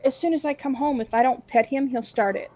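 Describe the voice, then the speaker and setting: A woman's voice: high-pitched, fairly quick, darkish tone, low-quality recording. A woman chatting casually as a podcast co-host, making short matter-of-fact remarks. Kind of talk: casual chat.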